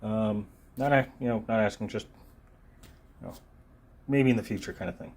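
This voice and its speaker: A man casually reviewing a multitool on camera, talking in a relaxed, meandering way with frequent ums and uhs while he handles it. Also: on the low side, moderate pace. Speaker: gear reviewer. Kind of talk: unscripted product review. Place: filming himself while handling the tool.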